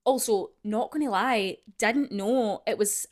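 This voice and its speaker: A woman with a Scottish accent, co-hosting a podcast in casual chat and telling rambling, animated stories. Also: medium pitch, unhurried. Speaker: podcast co-host.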